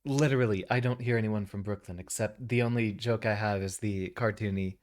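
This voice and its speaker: A man's voice: fairly low pitch, fairly even intonation, brisk, a little mellow. A man streaming a game, making self-deprecating, muttered asides. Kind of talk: casual game commentary.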